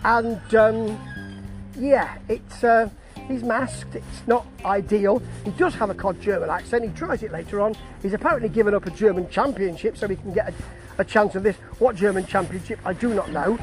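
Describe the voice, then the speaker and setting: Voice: medium pitch, moderate pace, soft background music, low-quality recording. Wry wrestling reviewer. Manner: chatty and wry, with asides and restarts. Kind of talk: casual spoken review.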